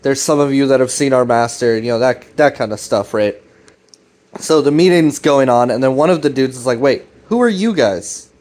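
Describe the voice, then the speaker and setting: A man's voice: medium pitch, brisk, a little mellow. A man giving a casual, rambling plot recap of a web series, loose and profane. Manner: loose, profane, full of fillers and restarts.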